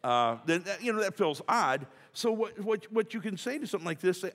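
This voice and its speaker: A man's voice: sits high, lively intonation, a little fast, fairly bright tone. A man preaching a casual, joking sermon as pastor, talking chattily with many restarts and asides. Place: church sanctuary. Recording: church hall reverb.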